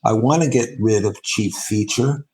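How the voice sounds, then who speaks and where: A man, a spiritual teacher, giving a reflective answer in an interview, halting and restarting as he thinks. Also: lowish voice, a little mellow, low-quality recording. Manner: halting and thoughtful, with frequent restarts and pauses.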